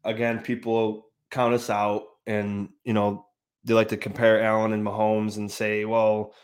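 A grieving man hosting a sports fan show, talking in a subdued, halting way with many restarts. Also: fairly low pitch, monotone. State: grieving, emotional. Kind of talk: casual sports podcast talk.

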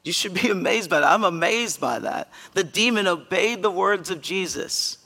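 Gravelly-voiced man preaching in a reverberant church. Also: high-pitched, animated, normal speed. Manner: earnest, emphatic, with sudden loud bursts. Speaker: pastor. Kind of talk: conversational sermon. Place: church sanctuary.

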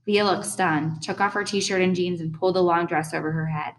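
A young adult woman reading a first-person audiobook in a steady, earnest storytelling manner. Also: on the low side, a little fast, rough recording. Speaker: audiobook narrator.

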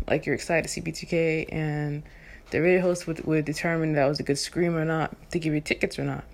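A woman in her thirties from Texas, a soprano singer, telling a personal story in an animated, chatty way with lots of fillers. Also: fairly low pitch. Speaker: vlogger. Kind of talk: casual storytelling.

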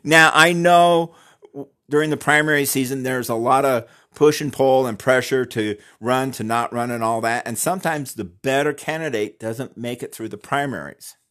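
An earnest man in a mid-pitched voice, talking straight to his listeners with firm emphasis. He slows down and leans on the words that matter, as in a personal opinion talk. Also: fairly bright tone. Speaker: Christian commentator on voting. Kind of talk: direct-to-camera opinion talk.

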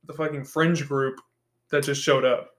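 A man's voice: mid-range voice, flat delivery, a little slow, a bit bright. A young man co-hosting a podcast in casual chat, blunt and mocking, acting out scenes as he talks. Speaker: podcast co-host.

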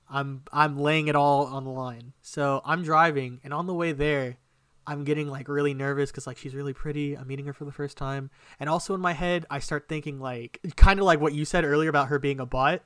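A man's voice: on the high side, a bit bright, clean tone, no echo, clean studio sound. A young man casually telling a long story on a podcast, rambling and swearing a lot. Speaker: podcast co-host.

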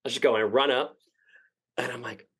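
A young man with a husky, mid-range voice speaks briskly over poor audio. He's a podcast guest telling a long, rambling story in a casual way, swearing often and acting out what people said.

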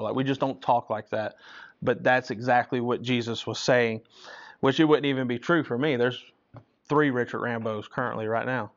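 A man's voice: mid-range voice, steady tone, normal speed. A man leading a Bible study in a conversational teaching style, often checking in with listeners by asking "right?" after his points. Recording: dull lo-fi recording.

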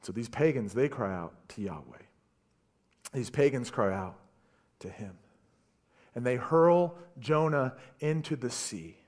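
A man preaching a sermon, retelling a story with animated delivery and stammered repeats. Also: medium pitch, a little slow, long pauses. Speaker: pastor.

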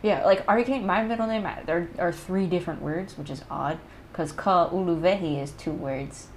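A woman's voice: on the low side, moderate pace, slight background noise, rough recording. A woman co-hosting a podcast in casual chat, teasing and playfully self-assured. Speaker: podcast co-host.

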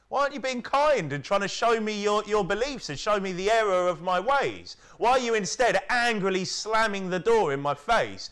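British man preaching, lively animated voice, somewhat high, repeats words when restarting. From United Kingdom. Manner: lively, mocking impressions, stammering restarts. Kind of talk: sermon.

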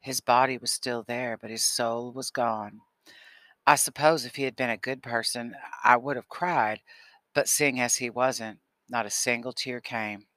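A man narrating an audiobook in a steady storytelling manner. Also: medium pitch, a little slow, no echo. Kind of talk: scripted narration.

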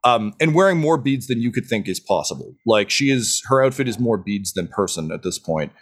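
A man's voice: mid-range voice, expressive, fairly quick. A man narrating a tabletop game as dungeon master, rambling with many fillers.

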